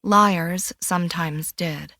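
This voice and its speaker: A woman reading a suspense audiobook in an even, measured storytelling voice. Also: fairly low pitch, no room sound, studio quality. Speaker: audiobook narrator. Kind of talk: scripted thriller narration.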